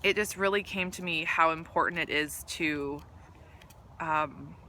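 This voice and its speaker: A woman's voice: lowish voice, moderate pace, bright, forceful tone, a little hiss or hum. A woman business coach talking earnestly to her camera, rambling a bit with lots of ums and restarts. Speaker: business coach for women entrepreneurs. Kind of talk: casual talk to camera. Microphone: camera mic.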